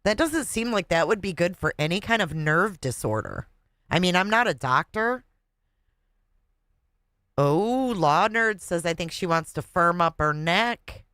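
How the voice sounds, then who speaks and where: A woman's voice: fairly low pitch, animated, measured pace, fairly bright tone, no echo. A woman hosting a reaction livestream, bluntly swearing and reading chat aloud in casual commentary. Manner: blunt, swears a lot, incredulous.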